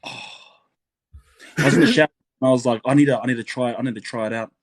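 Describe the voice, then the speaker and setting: A New man hosting a casual chat, asking relaxed questions. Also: mid-range voice, rapid-fire. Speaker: host.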